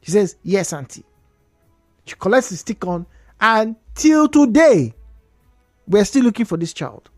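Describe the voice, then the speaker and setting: A woman's voice: medium pitch, measured pace, no echo, studio quality, faint music behind. A woman with a Nigerian accent hosting a radio talk show, telling a story with lots of emphasis and repetition. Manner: animated storytelling, repeats points for emphasis.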